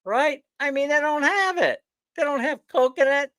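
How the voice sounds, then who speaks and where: A man hosting a casual livestream chat, ranting with animated energy and laughing often. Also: very high voice, normal speed, no room sound, clean studio sound. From not from the Philippines. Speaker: livestream host.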